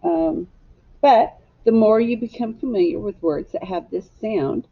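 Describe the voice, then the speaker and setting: A woman's voice: medium pitch, measured pace. A woman teaching a phonics lesson to young children, patiently asking them to repeat words after her. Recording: slightly dull lo-fi recording.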